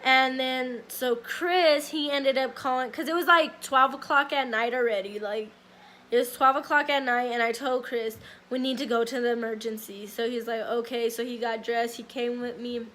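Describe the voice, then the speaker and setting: A young woman recounts a personal story to her viewers in a casual vlog. Her voice sits high, and she rambles along, filling her sentences with likes and ums. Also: fairly even intonation, normal speed, fairly bright tone. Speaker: vlogger.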